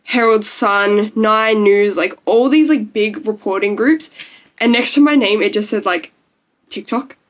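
Talking to camera in a casual vlog, a young woman gushes emotionally and says "like" a lot, close to tears. Her voice is medium-pitched and a little slow.

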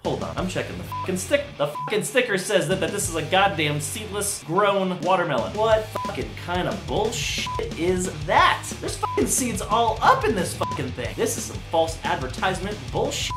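Brief: man, DIY host, foul-mouthed and sarcastic, pitch swinging all over the place, echoey room with music behind. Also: normal speed, hardly any pauses. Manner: profane, excitable, sarcastic. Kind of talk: casual comedic DIY video.

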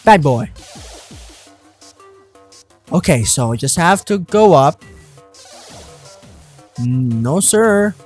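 A man hosting a let's play, commenting in an excitable, joking way with loud outbursts. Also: a little high, drawn-out words, long pauses, slightly rough, soft background music. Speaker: gamer, channel host.

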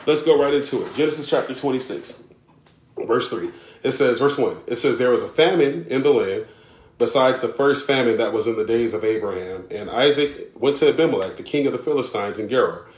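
Male preacher, mid-pitched voice, earnest, stacks repeats, roomy live-stream echo. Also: fairly quick. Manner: earnest, often checks in with "right?" and "okay?"; repeats words while building a point. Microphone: live stream setup.

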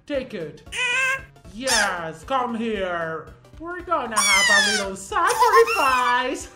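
A woman gives playful game commentary in broken English, with meows between her lines. Her high voice swoops all over and her pace is slow. She is recorded in an echoey room with loud game music behind her. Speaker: gameplay video host.

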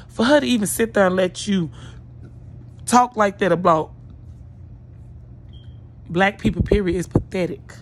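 A woman's voice: mid-range voice, a little slow, long pauses. A woman vlogger delivering a blunt, profane, scolding rant straight to her viewers, sounding like she just woke up. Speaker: YouTube vlogger. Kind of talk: ranting commentary vlog.

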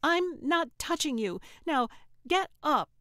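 A woman's voice: medium pitch, expressive, measured pace, dry recording, studio quality. A woman voicing an angry, scornful young woman who threatens with a gun, in an audiobook. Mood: snapping threats. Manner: sharp, snapping, scornful. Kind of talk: audiobook character voice.

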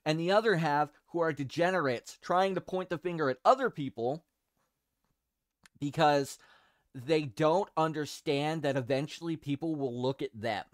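A man hosting a casual podcast, talking in a rambling, profane and excitable way with frequent restarts. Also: a little high, normal speed, dry recording, studio quality. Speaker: show host.

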